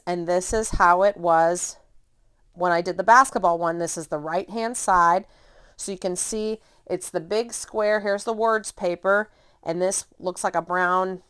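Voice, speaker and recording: A woman's voice: mid-range voice, smooth. A middle-aged woman giving a casual scrapbooking tutorial, chatty and self-correcting as she points out details on her pages. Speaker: scrapbooking instructor.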